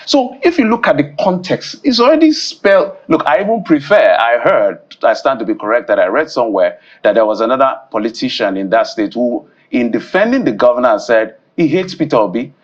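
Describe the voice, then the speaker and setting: A man's voice: medium pitch, fairly quick, hardly any pauses, highs cut off. A man, co-hosting a morning news panel and arguing his point with energy. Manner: animated, argumentative. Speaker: news show co-host. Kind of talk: studio panel discussion.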